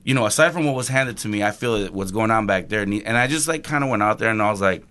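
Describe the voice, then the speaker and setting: A man, a chef, telling a story casually on a podcast, animated and swearing, acting out quotes with laughs. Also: lowish voice, quick pace. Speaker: chef guest.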